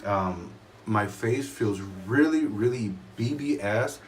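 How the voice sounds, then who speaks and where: A man talking casually to camera about his shave in a room at home, rambling and halting with many fillers and restarts. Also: lowish voice, a little hiss or hum. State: a little choked up. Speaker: shaving vlogger.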